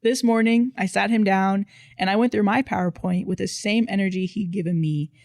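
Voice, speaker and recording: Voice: medium pitch, steady tone, fairly quick, darkish tone, dry recording. A narrator reading online posts aloud in casual storytime style, with dry, playful emphasis.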